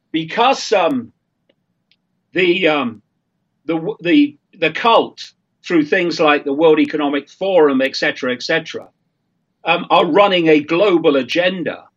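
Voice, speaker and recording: Older male guest, husky, slow, earnest monologue on a dull line. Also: on the high side, a bit bright. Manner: earnest, emphatic, halting with fillers. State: frog in his throat. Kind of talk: impassioned talk-show monologue.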